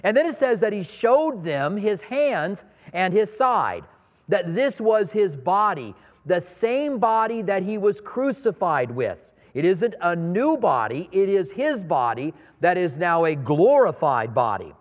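A man's voice: high voice, big pitch swings, unhurried. A middle-aged man preaching a sermon in a conversational, storytelling way, acting out little scenes in his anecdotes. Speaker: pastor. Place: church sanctuary. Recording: long reverb of a large hall.

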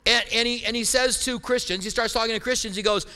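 A man's voice: extremely high pitch, steady tone, fast talker, few pauses, bright, forceful tone, smooth, long reverb tail. A middle-aged man preaching as a pastor, telling stories with humor and animation. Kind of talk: sermon.

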